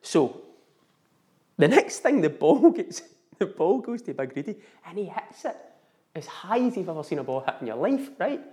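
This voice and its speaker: Brief: middle-aged Scottish man, slightly high voice, lively storyteller who laughs a lot. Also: moderate pace. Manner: animated, laughing often. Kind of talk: casual storytelling.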